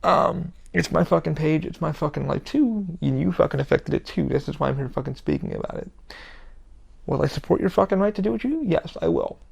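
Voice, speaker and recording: A man talks on his own podcast in a blunt, unscripted rant, and he swears in almost every line. His voice is heavily gravelly with a lot of fry and sits a bit higher than most men's. He often stumbles and restarts his sentences. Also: expressive, brisk, a little mellow. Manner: heavy swearing, blunt ranting. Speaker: podcast host.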